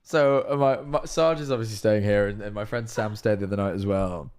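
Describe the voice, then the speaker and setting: A man's voice: lowish voice, a little fast, background noise. Rambling young English man, joking. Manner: rambling, joking storyteller with many restarts. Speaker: streamer. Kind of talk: casual chat.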